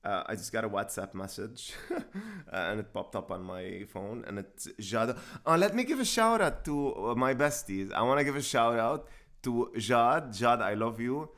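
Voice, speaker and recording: Joking, animated man in casual chat. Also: on the low side, normal speed. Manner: animated and joking, with frequent laughs.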